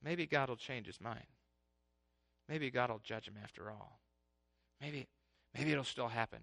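A man preaching a sermon in an animated way, swinging between loud passages and hushed ones. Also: mid-range voice, measured pace, gravelly.

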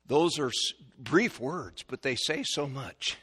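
A middle-aged man preaching a sermon as pastor, animated, acting out the voices in his stories. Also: mid-range voice, slow pace, slightly rough.

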